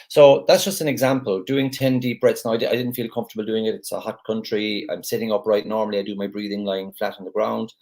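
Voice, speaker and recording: A man's voice: fairly low pitch, vocal fry, darkish tone. A man leading a gratitude group on a live video call, talking casually in a chatty, rambling way with lots of restarts.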